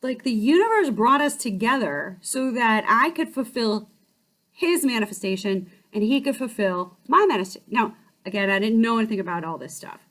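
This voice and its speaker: With a pitch on the higher side, a woman from a life-coaching channel narrates a story from her life. She sounds animated and informal, briskly starting over mid-thought.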